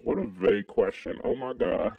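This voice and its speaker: A man from Kentucky co-hosting a crude comedic podcast, talking in an animated way with sudden high exclamations. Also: moderate pace, gravelly, slightly rough, no echo, lo-fi sound. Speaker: podcast co-host.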